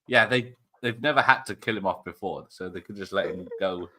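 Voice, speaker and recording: A man's voice: on the low side, brisk, pushed and bright. A man hosting a casual film watch party online, joking and rambling with frequent laughs. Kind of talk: casual chat over a film.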